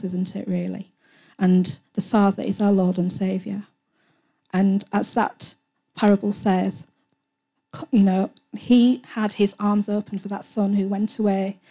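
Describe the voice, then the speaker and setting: A woman presenting a Christian TV programme, speaking in a gentle, earnest devotional way between hymns, soft-spoken and sometimes hesitant as she searches for words. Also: mid-range voice. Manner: soft-spoken, earnest, often trailing into a hush.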